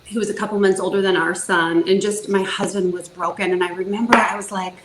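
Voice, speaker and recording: Guest, woman, 40s, from Northern California; earnest, halting storyteller, roomy echo, faint background. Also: medium pitch, steady tone, noisy background. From Northern California, USA. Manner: earnest storytelling, many fillers and restarts. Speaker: foster parent guest. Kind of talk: casual podcast interview.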